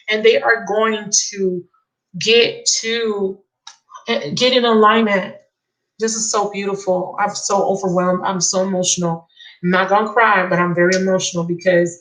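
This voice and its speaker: Excited tarot-reading woman, lilt. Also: medium pitch, rough recording. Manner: excited, emotional, repeats key phrases. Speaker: tarot reader. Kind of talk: live channeled tarot reading.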